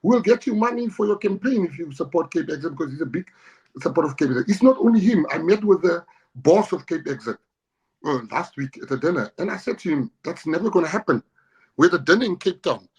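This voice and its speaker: A middle-aged man with a South African accent, speaking in an interview as a party leader. He is combative and forceful and hammers his points home with repetition. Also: on the high side, animated, fast, husky, poor audio.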